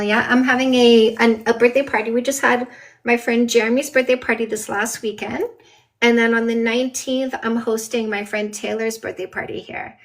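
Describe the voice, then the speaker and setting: A dating coach from Canada streams from her backyard garden, talking casually into her phone. Her voice sits a little high. She brushes off trolls in a blunt, mocking way. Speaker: dating coach hosting a livestream. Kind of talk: casual live-stream chat. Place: outdoors in a backyard garden with a patio.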